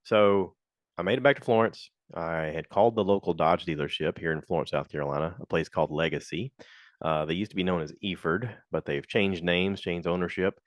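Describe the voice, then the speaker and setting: A man with a deep, low voice tells a casual story on his podcast. He talks frankly and complains as he goes, and acts out the people in it. The recording is close and dry, with no room sound. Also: brisk, dry recording. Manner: animated, slips into quoted voices. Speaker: podcast host.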